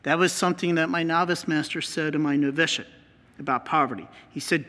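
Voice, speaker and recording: A man's voice: on the high side, fairly even intonation, brisk, bright, forceful tone. An American man, a priest, giving an earnest teaching talk with slides and repeating key phrases for emphasis. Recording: long hall reverb.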